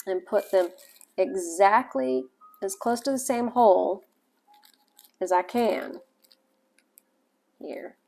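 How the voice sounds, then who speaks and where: A woman's voice: medium pitch, gravelly, darkish tone. A woman with a Southern US accent, chatting her way through a step-by-step sewing tutorial in a folksy manner. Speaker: sewing hobbyist.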